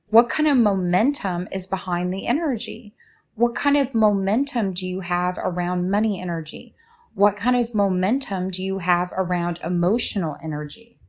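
Soothing woman giving a reflective talk. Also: mid-range voice. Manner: slow, soothing and inviting, with many rhetorical questions.

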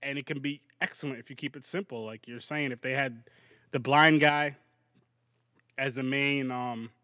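A man hosting a podcast, chatting casually about a movie in a rambling, animated way and laughing often. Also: medium pitch, moderate pace, no echo. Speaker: podcast host. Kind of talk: casual movie review chat.

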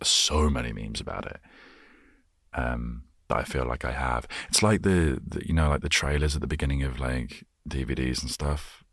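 A man with a remarkably low voice drifts from thought to thought in relaxed, soft-spoken chat. The sound is dry and close. His easygoing delivery is meant to help listeners unwind. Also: dry recording. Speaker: host.

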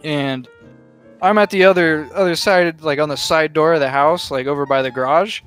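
A man's voice: a little high, moderate pace, a bit bright, clear, resonant tone, faint music behind. Profane young man telling stories. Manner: profane, rambling, laughs while telling stories. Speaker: podcast co-host. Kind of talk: casual storytelling chat.

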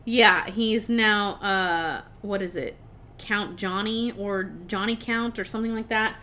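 A woman's voice: mid-range voice, fairly even intonation, measured pace, pushed and bright, a little hiss or hum. A young woman casually recapping a film on a podcast, rambling and swearing, quoting the characters as she goes. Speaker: podcast co-host.

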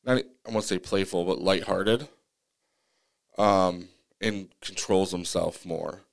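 Man, low smooth voice, earnest casual storytelling, podcast co-host. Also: slow. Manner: animated retelling, acting out his own pleas in a higher voice; earnest, many restarts and fillers.

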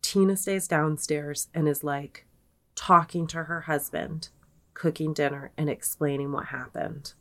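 A woman's voice: low-pitched, fairly even intonation, unhurried. A young adult woman co-hosting a podcast, casually retelling a story, peppering it with "like" and quoting people in her own voice. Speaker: podcast co-host.

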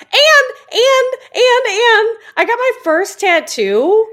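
A woman in her forties co-hosting a podcast, telling stories in a casual chat, animated and laughing at herself. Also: extremely high pitch, slow pace. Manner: animated, laughing, self-mocking storyteller. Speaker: podcast co-host.

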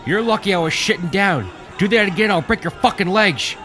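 A man voicing a brash, swaggering young airman who shouts taunts. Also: high-pitched, lively intonation, fairly quick, faint music behind, a faint crowd, voice pushed up. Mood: furious.

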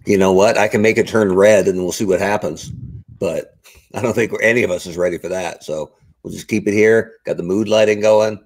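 A man's voice: fairly low pitch, steady tone, fairly quick. A man co-hosting a casual live video stream, cracking jokes. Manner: wisecracking. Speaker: regular co-host.

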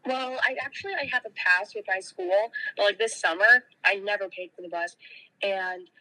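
Bright-voiced young woman telling stories. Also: medium pitch, normal speed, poor audio. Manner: laughing storyteller, swearing freely. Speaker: podcast guest. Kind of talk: casual chat.

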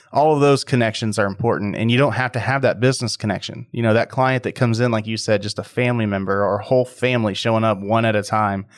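A man's voice: on the low side, dry recording, clean studio sound. A man hosting a podcast interview, chatty and enthusiastic as he talks about marketing. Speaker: podcast host.

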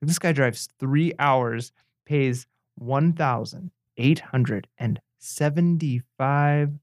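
A man's voice: mid-range voice, slow pace, dry recording. Laid-back male co-host, dry close sound. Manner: relaxed, hesitant, many fillers and restarts. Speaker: podcast co-host. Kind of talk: casual chat.

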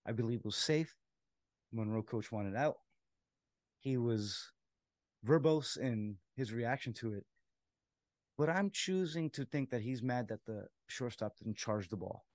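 A man, a softball umpire and co-host, telling a story in casual chat, laughing as he acts out what people said. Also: medium pitch, measured pace, long pauses, no echo, studio quality. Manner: animated storyteller, laughs while acting out quotes.

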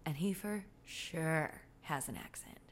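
A woman's voice: sits low, slow. A woman, hosting a podcast and telling funny stories in a sassy, self-deprecating way. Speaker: podcast host. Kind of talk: casual comedic storytelling monologue.

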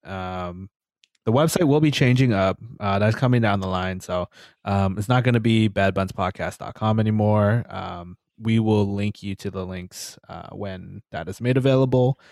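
A man with a fairly low voice co-hosts a podcast in relaxed, easygoing chat. He fills his sentences with "um" and "you know" and swears casually. The sound is dry and close. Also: normal speed, gravelly, no echo. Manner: relaxed, filler-heavy, leans on "you know" and "um"; laughs easily, swears casually. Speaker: podcast co-host.

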